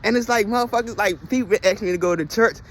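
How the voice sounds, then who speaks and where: High-voiced man preaching self-help. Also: fast, a bit bright. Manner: preachy, repetitive, profane, rhetorical questions. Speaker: spiritual vlogger. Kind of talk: casual motivational monologue.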